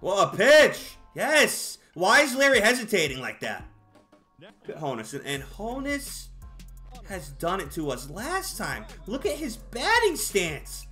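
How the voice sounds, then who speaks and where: Hyped gamer guy, bright voice, swings from groans to yells, soft music under it. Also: high-pitched, measured pace. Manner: excitable, exasperated, shouts at players. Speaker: gaming YouTuber. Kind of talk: live gameplay commentary.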